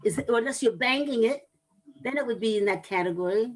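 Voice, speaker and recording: A woman giving a talk on anger management to an audience, explaining in a measured way with pauses and restarts. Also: on the high side, low-quality recording.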